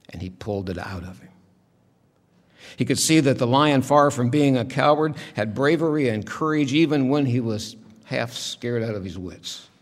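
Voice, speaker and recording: Lowish husky guy preaching, chatty and thoughtful, long hall echo. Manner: conversational, reflective storytelling with soft asides. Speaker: pastor. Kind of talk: sermon. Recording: long reverb of a large hall.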